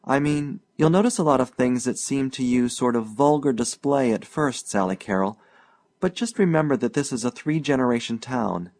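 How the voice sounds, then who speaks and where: A man's voice: mid-range voice, normal speed, darkish tone, close to an everyday voice. A man reading an eager, boastful young man.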